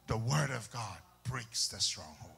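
A male preacher, delivering a fiery sermon, shouting and then dropping to soft asides, with call-and-response questions. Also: on the low side, animated, unhurried, gravelly. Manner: swings between loud shouts and soft asides.

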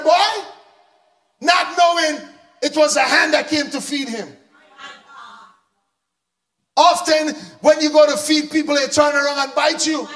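A man preaching a sermon, animated, shouting for emphasis and asking the congregation questions. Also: extremely high pitch.

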